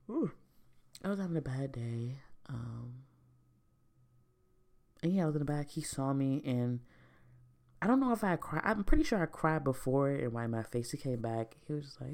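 Young woman vlogger, low gravelly voice, loose slangy confessional ramble. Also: normal speed, dark tone. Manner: candid, slangy, swears freely. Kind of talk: casual rambling monologue.

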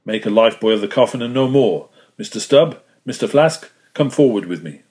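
A man's voice: mid-range voice, expressive, a little fast, close to an everyday voice. A man reading the part of a stern, weary ship's mate who gives curt orders. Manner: curt commands, sharp outbursts.

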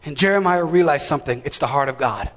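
A man preaching a sermon in a church, emphatic and shouting, calling out to the congregation. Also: a little high, animated, fast talker. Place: church sanctuary. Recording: long reverb of a large hall.

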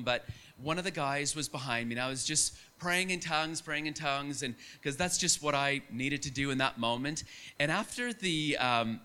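A young man preaching a sermon, telling stories in an animated, conversational way. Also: a little high.

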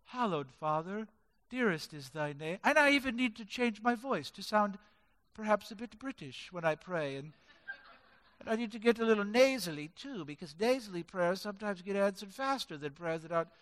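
A man mocking a pompous churchgoer who prays in a hushed, nasal, mock-British voice. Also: sits high, lively intonation, normal speed. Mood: mock-reverent. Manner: hushed, reverent, mock-formal. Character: pompous pious man praying in a put-on British accent. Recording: reverberant hall.

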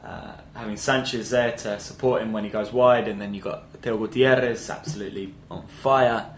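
A man co-hosting a casual football podcast, relaxed and agreeable, chiming in often. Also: fairly low pitch, normal speed, echoey room, a little hiss or hum. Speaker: podcast co-host.

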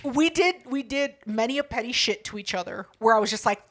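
A woman's voice: a little high, animated, fairly quick, fairly bright tone. A young woman co-hosting a podcast, telling a story in casual chat with blunt, profane, dramatic flair. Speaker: podcast co-host.

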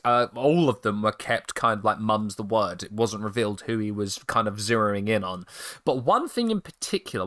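A man co-hosting a casual podcast, telling a story with lively, swooping pitch and bursts of laughter. His voice sits at an ordinary middle pitch and he talks in an easy, chatty way. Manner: animated storyteller, laughs often. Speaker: podcast co-host. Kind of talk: casual chat, recapping a story.

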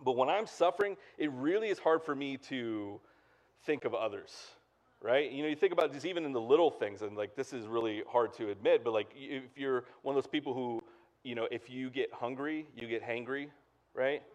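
A man's voice: medium pitch, animated, brisk, darkish tone. Chatty casual male pastor. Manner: casual and chatty, lots of "like" and "right?". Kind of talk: conversational sermon.

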